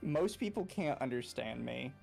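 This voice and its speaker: A man's voice: mid-range voice, animated, normal speed, gravelly, darkish tone, soft background music. A young man with a faint Southern US accent, co-hosting a casual podcast and telling frank, joking stories. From Southern United States. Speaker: podcast co-host.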